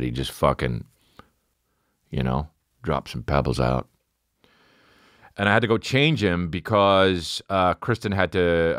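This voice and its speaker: A man in his forties hosting a podcast, telling a rambling, profane story and jumping into high voices for quotes. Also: no echo, clean studio sound. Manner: rambling and profane, acts out quotes with big pitch jumps. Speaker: podcast host. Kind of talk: casual monologue.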